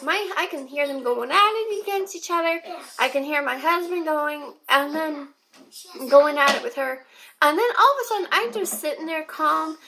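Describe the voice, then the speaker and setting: A woman's voice: high-pitched, normal speed. A young woman vlogger telling a personal story, talking straight to her viewers in a chatty way. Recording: clear steady background noise.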